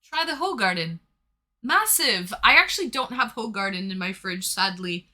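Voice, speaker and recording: A woman's voice: medium pitch, lively intonation, moderate pace, bright, forceful tone. A young woman hosting a casual live stream from home, reading chat messages aloud in a chatty, playful way. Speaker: livestream host reading chat.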